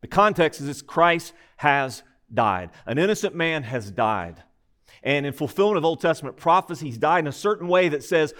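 A man preaches as a pastor, his voice bright, animated and somewhat high. The sermon moves at a measured pace, emphatic in tone and built around rhetorical questions.

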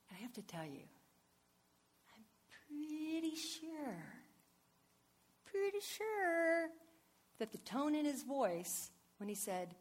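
Woman preacher, husky tone, animated sermon storytelling, hushed to loud. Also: mid-range voice, unhurried, long pauses.

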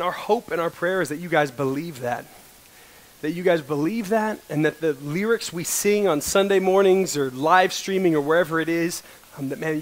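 A young man preaches to college students, his voice sitting a bit high. He speaks earnestly, gets emotional, and breaks the tension with self-deprecating jokes. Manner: earnest, emotional, joking asides. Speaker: college ministry pastor. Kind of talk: sermon. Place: coffee shop worship service.

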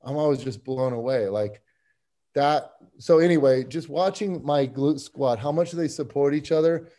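Mellow-voiced man telling an excited story. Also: mid-range voice, moderate pace. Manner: animated, excitable storytelling with many restarts. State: getting emotional. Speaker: podcast guest. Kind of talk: casual chat.

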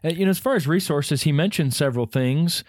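A man's voice: a little high, fairly quick, a little mellow, dry recording, clean studio sound. A man co-hosting a podcast for pastors, chatting casually and recapping resources with easy fillers. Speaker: podcast co-host.

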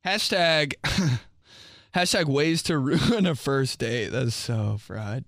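A man's voice: mid-range voice, expressive, slow pace, fairly bright tone, dry recording. A young man from Indiana, a podcast host riffing comedically on his own in a small studio and rambling with many fillers.

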